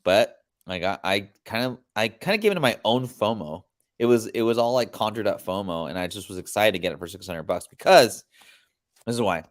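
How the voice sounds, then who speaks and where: Laid-back, rambling man with a lowish voice. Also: animated, brisk. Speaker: podcast host. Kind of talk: casual chat.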